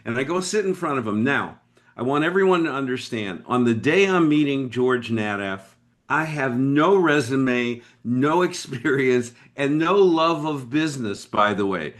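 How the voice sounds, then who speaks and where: Male guest, from Boston, animated emphatic storyteller, mid-pitched voice. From Boston, United States. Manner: emphatic, dramatic pauses, talks straight to the listener. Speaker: podcast guest, business leader.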